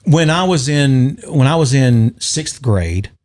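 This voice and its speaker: A man's voice: medium pitch, lively intonation, slow, a little mellow. A man co-hosting a podcast, telling long rambling stories in casual chat and chuckling often. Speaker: podcast co-host.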